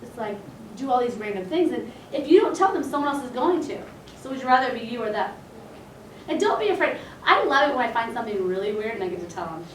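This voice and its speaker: Talking fast with big swings in pitch, a slightly high-voiced woman chiropractor chats casually through a seminar for colleagues and plays out bits of conversation. The meeting room is echoey, the mic is far off, and there's slight background noise.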